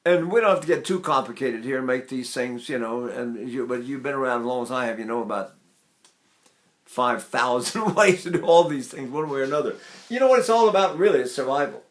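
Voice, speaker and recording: A man's voice: mid-range voice, brisk, reverberant. An older man giving a singing lesson, explaining technique in a folksy, chatty way and checking in with "right?" and "see?". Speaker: voice teacher. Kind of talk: singing lesson with sung demonstrations.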